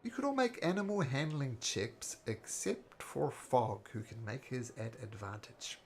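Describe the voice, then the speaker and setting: A man running a tabletop game as game master, chatty and quick to laugh, often restarting his sentences. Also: medium pitch, animated, darkish tone, a little hiss or hum.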